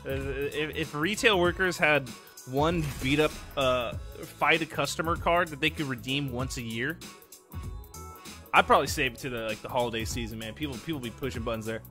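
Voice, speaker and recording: A man's voice: mid-range voice, normal speed, bright, forceful tone, faint music behind. A young man streaming a game live, rambling casually, swearing and greeting his chat by name. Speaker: gaming streamer.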